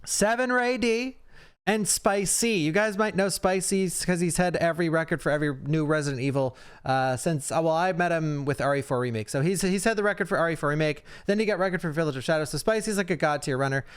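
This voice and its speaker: Young man, streamer, casual chatter, clear tone, fillers, desk mic. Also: fairly high pitch. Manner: chatty, fast asides, frequent fillers. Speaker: streamer reacting to a speedrun. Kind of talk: casual reaction commentary.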